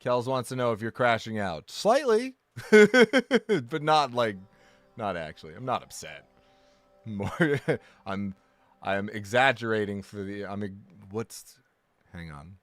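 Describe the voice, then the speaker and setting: A man's voice: on the low side, moderate pace, a bit bright, dry recording, faint music behind. Rambling, self-correcting male streamer. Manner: jokey, self-deprecating and exaggerating. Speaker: game streamer. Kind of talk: casual live-stream chat.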